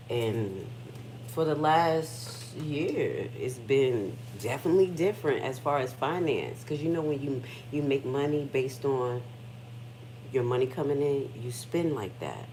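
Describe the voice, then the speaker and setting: Speaking from her kitchen, this middle-aged livestream host chats casually and candidly, her emotional storytelling peppered with frequent profanity. She has a low voice at a moderate pace, with slight background noise.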